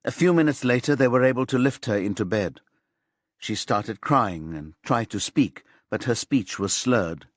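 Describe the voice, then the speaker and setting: A man narrating a crime thriller audiobook in a lively, tense manner. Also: mid-range voice, normal speed, no room sound, studio quality. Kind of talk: scripted narration.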